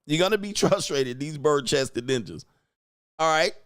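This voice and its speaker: A man's voice: on the high side, lively intonation, moderate pace, clean tone, no echo, clean studio sound. A man hosting a reaction commentary show, mocking and lecturing the people in the clips he plays, often laughing. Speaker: commentary channel host.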